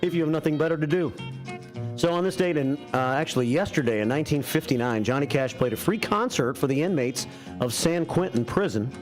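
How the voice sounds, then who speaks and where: A man's voice: a little high, expressive, a little fast, faint music behind. A man hosting a morning radio show from a studio, chatting casually with dry, self-mocking banter. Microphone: studio microphone.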